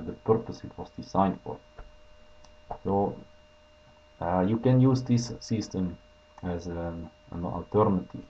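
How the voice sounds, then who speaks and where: A man's voice: fairly low pitch, muffled recording, slight background noise. A man with a Russian accent casually demoing his prototype, hesitant and full of filler sounds. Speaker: inventor presenting a prototype. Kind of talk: casual product demo.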